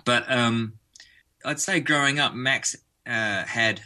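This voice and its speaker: A man's voice: mid-range voice, slow, sharp tone. An Australian man, a musician guest in a casual radio interview, chatting in a rambling way with frequent restarts.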